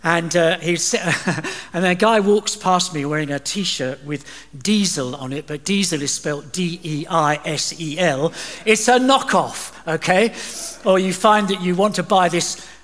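An English man preaches a sermon, reading scripture aloud and breaking off for chatty, joking asides. His voice sits a little high. The church around him gives a long, trailing reverb. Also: measured pace, fairly bright tone. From England. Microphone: livestream recording.

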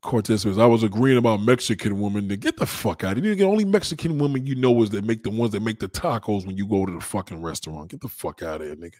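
A man hosting a live stream, reading viewer comments aloud and mocking them with loud, heavy-swearing swagger. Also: lowish voice, quick pace, few pauses, no room sound, studio quality. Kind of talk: profane live chat reading.

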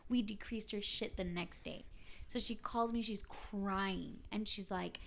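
A woman's voice: mid-range voice, moderate pace. A woman telling blunt, profane stories about customer service calls in a casual chat. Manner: blunt, profane, animated storytelling.

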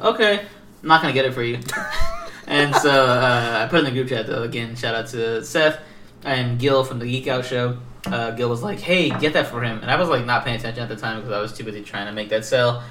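A man's voice: medium pitch, slight background noise. Guy rambling on a podcast, acts out what people said, swears a lot, roomy echo, sounds a bit far from the mic. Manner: animated storytelling, acts out quotes, swears, laughs often. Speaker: podcast co-host. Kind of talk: casual chat about collectibles.

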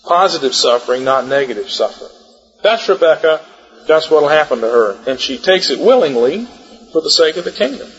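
Male Bible lecturer, emphatic and repetitive, husky, long hall reverb, dull audio. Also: fairly high pitch, animated, brisk. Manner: emphatic, explanatory, repeats key points. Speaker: Bible teacher.

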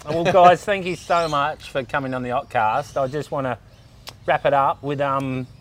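A man's voice: medium pitch, normal speed. A man hosting a casual podcast, thanking his guests and asking short questions. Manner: friendly, short affirmations, wraps up the show. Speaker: podcast host.

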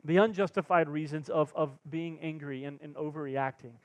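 Man, pastor, sermon, animated storyteller, higher voice, dry close sound. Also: moderate pace, dry recording, highs cut off. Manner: animated storyteller, acts out quotes, laughs at himself. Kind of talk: sermon with personal stories. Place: church sanctuary.

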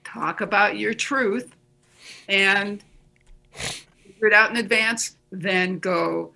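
A guest with a bright, crisp voice. They speak earnestly in a casual conversation, giving practical tips and acting out encouraging self-talk. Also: mid-range voice, fairly even intonation, takes it slowly, long pauses.

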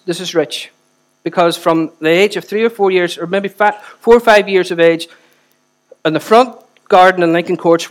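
A man, preaching a sermon with chatty asides and repeated phrases for emphasis. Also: sits high. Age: 40s. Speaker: pastor.

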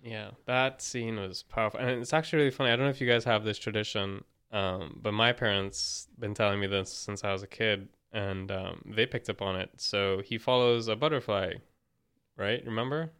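A man's voice: lowish voice, fairly even intonation, normal speed, fairly bright tone, smooth. A man from Trinidad chatting about a film and thoughtfully explaining its symbolism. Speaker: film reviewer. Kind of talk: casual film discussion.

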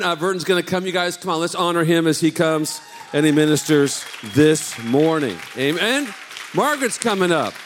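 Host pastor, man, lower voice, stumbling enthusiastic intro, reverberant hall. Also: a bit bright. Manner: halting, many fillers, enthusiastic. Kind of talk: sermon introduction. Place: church sanctuary. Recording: long reverb of a large hall.

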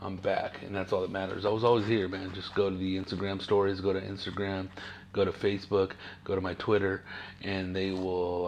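A man's voice: low voice, creaky, slight background noise. A young man hosting a podcast, ranting casually and bluntly with lots of swearing and fillers. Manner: profane, blunt, dismissive, filler-heavy. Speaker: podcast host.

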